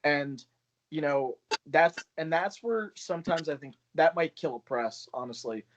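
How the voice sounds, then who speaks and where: A little slow and fairly high-pitched, a small press publisher who is also a poet chats loosely on a video call, laughing often and swearing freely. The lo-fi call audio is dull, with a little hiss or hum.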